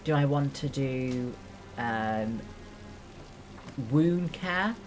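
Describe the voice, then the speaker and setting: Speaking extremely slowly yet expressively, a young woman uses a rumbling low voice with a darkish tone, and a little hiss or hum can be heard. She's a nursing student streaming a game, casually chatting through each step with many fillers and asides.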